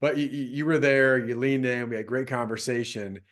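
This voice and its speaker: A man's voice: mid-range voice, fairly even intonation, a little fast, a bit bright. A man in his fifties hosting a podcast in a casual conversation, rambling with many restarts and fillers. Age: 50s. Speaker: podcast host.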